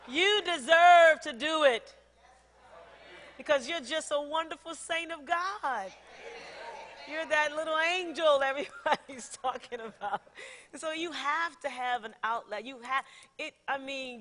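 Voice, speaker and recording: A middle-aged woman pastor preaches in a high, bright voice. She is animated, laughs often and acts out conversations. Her words ring with the long reverb of a large church hall. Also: unhurried. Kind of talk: sermon.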